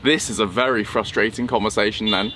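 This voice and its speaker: A young man from England recounting a travel mishap in a vlog, animated and acting out the people he met. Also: on the low side, a little fast, a little hiss or hum. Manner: animated retelling, acting out quoted voices. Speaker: vlogger. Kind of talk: storytelling vlog.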